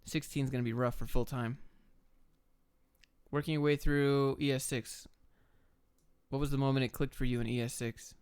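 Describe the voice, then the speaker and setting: A young man answering viewer chat questions on a live stream, giving quick, blunt, offhand answers. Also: medium pitch, little pitch movement, darkish tone, smooth, no room sound. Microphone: camera and desk mic.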